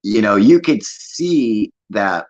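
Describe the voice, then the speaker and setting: A man's voice: on the low side, animated, slow, rough recording. A man hosting a livestream, chatting casually in a rambling, profane way and laughing often. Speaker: livestream host.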